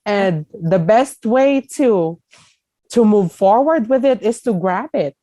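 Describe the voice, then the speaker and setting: A woman's voice: mid-range voice, lively intonation, takes it slowly, mellow, no room sound. A young woman from the Philippines with a Filipino accent, talking openly and with feeling as a podcast guest. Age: young adult. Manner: emotional, laughing through tears. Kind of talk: conversational interview.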